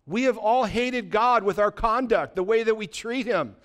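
A man's voice: high voice, normal speed, a bit bright. A pastor preaching a sermon, asking his congregation rhetorical questions and telling a story with acted-out dialogue. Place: church.

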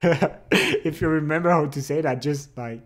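A man's voice: on the high side, faint music behind. A young man with a French accent, a live streamer chatting casually and reading comments, laughing often and teasing playfully. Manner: laughs often, playful and teasing, speaks English with pauses and restarts. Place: home streaming setup.

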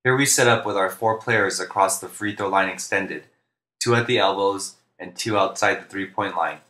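A man, a basketball coach, narrating instructional plays in a flat, deliberate monotone, speaking clearly. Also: deep voice, roomy sound. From United States. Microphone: home recording for narration.

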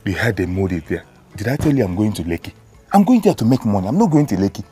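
A deep-voiced Nigerian young man pleads and coaxes his bride-to-be. His very low voice swings widely in pitch. Faint music runs behind him. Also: sing-song, fast talker, dark tone, husky, exaggerated voice. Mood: protesting. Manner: coaxing, pleading. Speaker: shop owner. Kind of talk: Nollywood film acting.

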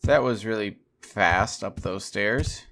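A man's voice: on the low side, slow pace, vocal fry, fairly bright tone. A man giving jokey, wry let's-play commentary while playing a game. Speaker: gamer playing on a channel.

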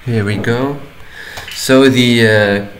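A man talks through a software tutorial at an easy, unhurried pace, his pitch sitting in a middling range. He explains each step plainly and drops an "okay" between steps. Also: fairly even intonation, slight background noise, low-quality recording. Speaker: tutorial maker. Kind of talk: screen-recording tutorial voice-over.

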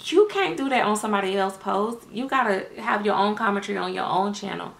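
A woman's voice: medium pitch, brisk, vocal fry. A middle-aged American woman chatting casually to her viewers in a sassy, direct way about her dolls. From United States. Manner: chatty, sassy, talks straight to viewers as y'all. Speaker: doll-making vlogger. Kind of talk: casual chat to camera.

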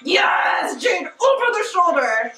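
A woman's voice: very high-pitched, big pitch swings, slow, pushed and bright, raised voice, recorded from a distance. A young woman gushing and squealing as she reacts to a music video, laughing and swearing often. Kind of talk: excitable reaction vlog. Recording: echoey room, voice off-mic, music playing.

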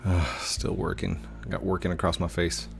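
Man with a low voice hosting casual gameplay commentary. He is chatty, laughs easily and drops self-deprecating asides. Quiet music plays underneath. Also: level tone, normal speed, creaky. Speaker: game channel host.

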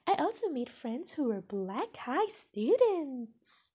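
This is a giggly, awkward young woman, as a woman voices her in a text story. She speaks in a high, soft voice and keeps putting herself down with small laughs. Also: sing-song, slow, full character voice. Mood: nostalgic.

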